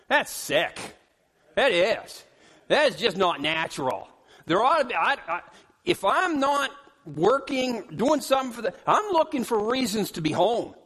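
A middle-aged male pastor preaching a sermon in a church, animated and joking with the congregation, now and then hollering out. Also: high-pitched. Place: church sanctuary. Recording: long hall reverb.

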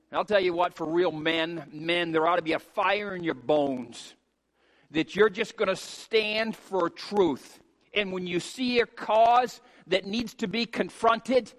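A middle-aged man preaching a sermon as a pastor, emphatic and rising to shouts on key points. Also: sits high, unhurried. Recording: long hall reverb.

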